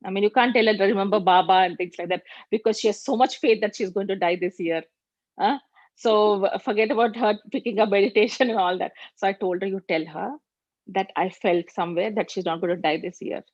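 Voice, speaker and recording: A woman's voice: mid-range voice, darkish tone, dry recording. A woman giving a spiritual talk, telling anecdotes in a conversational way with rhetorical asides. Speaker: spiritual teacher. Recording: dull, dry recording.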